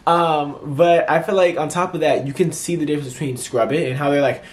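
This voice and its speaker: A man chats through a casual movie review vlog, animated and full of fillers and restarts, doing characters' lines in playful voices. His voice sits a little high, and he talks quickly with few pauses.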